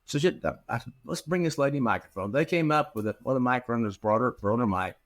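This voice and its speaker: A man's voice: medium pitch, fast talker. A middle-aged man, a practice management consultant, telling stories in an interview and acting out the dialogue he quotes. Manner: animated, acts out quoted dialogue. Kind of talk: storytelling in an interview.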